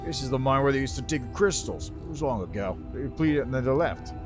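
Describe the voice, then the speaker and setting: A man voicing a gruff, blunt male mine dweller in a near-everyday voice. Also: mid-range voice, lively intonation, fast, music in the background, lightly acted.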